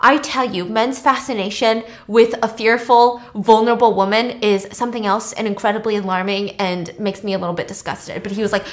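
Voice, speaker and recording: A woman host recapping a film's plot in a chatty, animated way, with wry asides and giggles. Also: medium pitch, fairly quick, few pauses. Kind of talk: comedic film recap.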